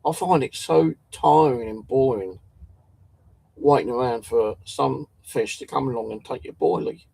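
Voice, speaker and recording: Gravelly man rambling casually. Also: mid-range voice, a little slow, warm tone. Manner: swears a lot, restarts and stumbles. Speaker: channel host.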